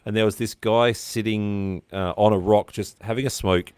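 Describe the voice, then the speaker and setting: Casting: Australian male host, rambling storyteller, deep voice, dry video-call audio. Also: fairly even intonation, normal speed, darkish tone, clear, resonant tone, dry recording. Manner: chatty storyteller, rambling with fillers. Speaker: livestream host. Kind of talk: casual interview chat.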